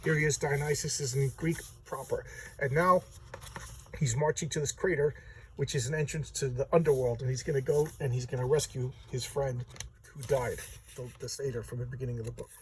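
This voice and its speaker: A man giving a casual, chatty walkthrough of a comic book, retelling the story in loose talk full of "you know" and quick asides. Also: medium pitch, steady tone, darkish tone, slight background noise, poor audio. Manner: acts out characters' lines in quick voices.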